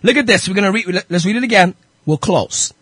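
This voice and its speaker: Radio host preacher, male, very high and bright with a husky edge, fervent and repetitive. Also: fast talker, dry recording. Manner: fervent, repeats phrases, rhetorical questions. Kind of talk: impassioned radio sermon.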